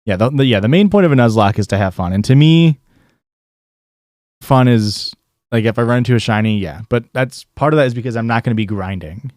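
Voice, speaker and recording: Brisk and a little mellow, a mid-range male voice offers casual gameplay commentary in a Midwestern accent. The young man rambles, restarting often and leaning on fillers, in a clean, echo-free studio recording.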